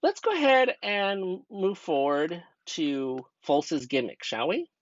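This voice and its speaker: A man's voice: sits high, expressive, slow pace, no room sound. A young man from the United States, a student teacher narrating a grammar lesson in a patient, step-by-step way and asking the class rhetorical questions. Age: young adult. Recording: dull dry lo-fi voice-over.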